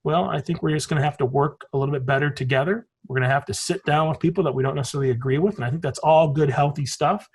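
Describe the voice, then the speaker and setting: Husky high-voiced man in his forties. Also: quick pace, hardly any pauses. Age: 40s. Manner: rambling storyteller, swears casually. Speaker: podcast guest. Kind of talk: casual podcast conversation.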